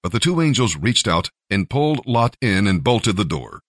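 A man narrating a scripture story with expressive storytelling. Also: fairly low pitch, normal speed, no room sound, studio quality. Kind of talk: scripture reading.

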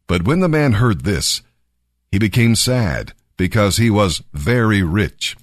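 A man reading scripture and giving devotional commentary in an earnest, expressive way. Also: on the low side, a little slow, no room sound, studio quality. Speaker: Bible reader and devotional speaker.

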